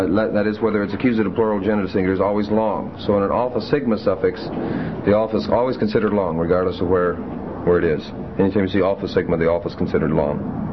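A man teaching a Greek grammar class, explaining rules methodically with frequent pauses and fillers. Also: on the low side, background noise. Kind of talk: classroom lecture. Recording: muffled lo-fi classroom recording.

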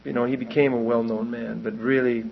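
A man's voice: medium pitch, little pitch movement, fairly quick, vocal fry, highs cut off. A man preaching a sermon, telling a long story in a loose, rambling way and then pressing his point with rising urgency.

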